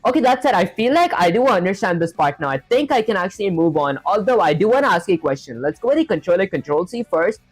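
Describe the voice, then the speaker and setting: A man's voice: sits high, big pitch swings, fast, hardly any pauses, no echo, soft background music. A man live-streaming while he codes, thinking aloud with lots of fillers and reading viewer chat aloud to answer it. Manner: thinks aloud, says "honestly" and "that said" often, filler-heavy.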